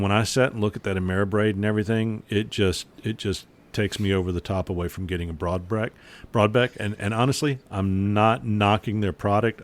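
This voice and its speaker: A man hosting a podcast in casual chat, talking in a rambling, folksy way with many pauses, over a video call. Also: deep voice. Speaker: podcast host.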